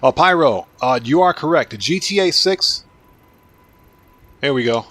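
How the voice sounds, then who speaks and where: A gamer hosting a livestream talks in a voice on the high side at a measured pace, with no echo in the recording. Congested and losing his voice, he chats with viewers in a relaxed way and thanks them by name.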